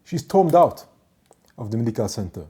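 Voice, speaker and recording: A man telling a story from his work as a ship's doctor and department head, in a measured, emphatic way that repeats points for stress. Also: medium pitch, animated, mellow, breathy edge. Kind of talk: storytelling monologue.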